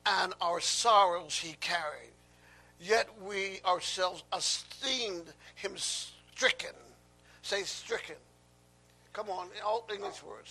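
A man delivers a sermon in a high, bright voice. He takes it slowly and asks the congregation to answer him back. His delivery swings from hushed whispers to loud, stressed lines. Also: husky. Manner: call-and-response preaching, swinging from hushed whispers to loud emphasis. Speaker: pastor.

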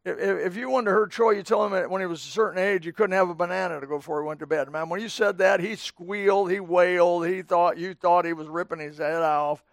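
A middle-aged man preaches to his church in a homespun, chatty manner, often turning to speak to people in the pews. His voice sits high for a man, and the sound is close and dry, with little room echo. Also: steady tone, fast talker, vocal fry, hardly any pauses. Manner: folksy, conversational preaching with asides to the congregation. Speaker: pastor. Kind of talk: sermon. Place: church sanctuary.

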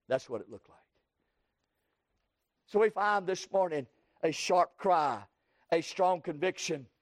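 A man preaching a sermon, folksy and repetitive, swinging from low asides to loud, pleading cries. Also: no echo, clean studio sound. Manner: folksy, repeats key words. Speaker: pastor.

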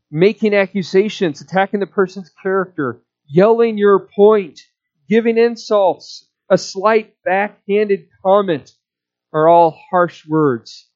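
A male pastor delivers a sermon in a slow, deliberate teaching voice set a little high. The recording sounds somewhat dull and muffled. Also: darkish tone.

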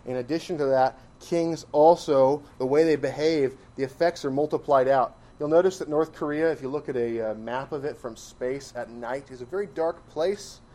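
Guy preaching a sermon, mid voice, punchy, lots of right? questions, goes loud then drops quiet. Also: mid-range voice, normal speed, hardly any pauses. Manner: emphatic, rhetorical questions, swings from loud to quiet. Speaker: pastor.

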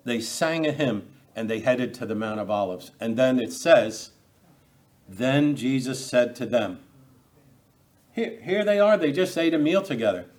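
A man's voice: mid-range voice, lively intonation, measured pace, a little mellow. Guy pastor preaching, chatty, asks questions, keeps repeating words, acts out the quotes. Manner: conversational preaching with rhetorical questions and acted quotes; repeats words and restarts phrases. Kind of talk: expository sermon.

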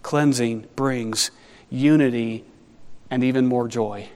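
A man preaching an expository sermon as pastor, animated and conversational with wry asides. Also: mid-range voice, slow, long reverb tail.

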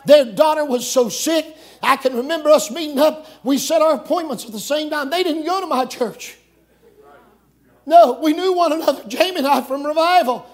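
A middle-aged man preaching a camp meeting sermon, folksy and joking, breaking into shouts. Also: extremely high pitch. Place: church camp meeting with congregation.

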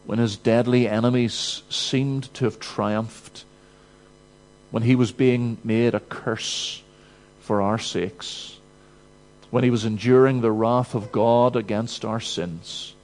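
Male preacher, mid-pitched, unhurried, earnest emphatic sermon delivery; faint hum behind. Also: steady tone, poor audio. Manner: earnest, emphatic preaching with rising urgency and quiet drops.

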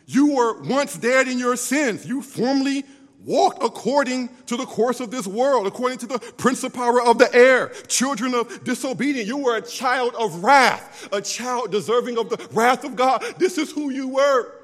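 Man, preacher, sermon, high voice, unhurried, impassioned loud and soft swings, long hall echo. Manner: impassioned, swings from loud cries to hushed tones.

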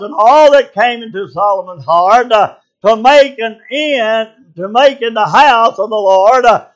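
High-voiced fervent preacher man. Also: fairly bright tone. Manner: fervent, with frequent "uh" fillers and call-outs to the congregation. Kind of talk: sermon.

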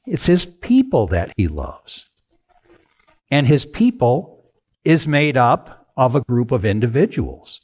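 A man's voice: mid-range voice, very animated, slow pace, a little mellow, husky. A man preaching a sermon, asking the congregation rhetorical questions and answering them himself. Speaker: pastor.

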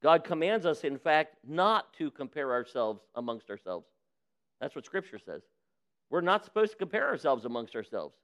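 Preacher guy, pretty high clear voice, folksy, does little voices for the people he quotes. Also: big pitch swings, normal speed, a bit bright. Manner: preaching with acted-out quotes of sinners and God; folksy direct address to the congregation. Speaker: pastor. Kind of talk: sermon.

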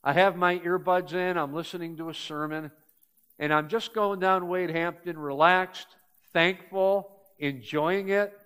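An older male pastor delivers a sermon in a high, light voice. He tells everyday stories in an easy way, then presses his points with growing emphasis. He is speaking to a church congregation. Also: steady tone, measured pace, fairly bright tone, clear, resonant tone. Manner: storytelling, building to emphatic points.

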